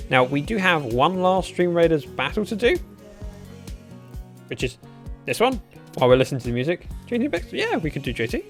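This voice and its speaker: Animated male streamer, lively pitch. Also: fairly quick, soft background music. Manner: chatty, animated, tired after long stream. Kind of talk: livestream game reading and commentary.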